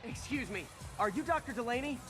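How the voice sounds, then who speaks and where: An actor playing a quippy young superhero who talks in a sarcastic, wisecracking way. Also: male voice, very high-pitched, expressive, a little fast, over music.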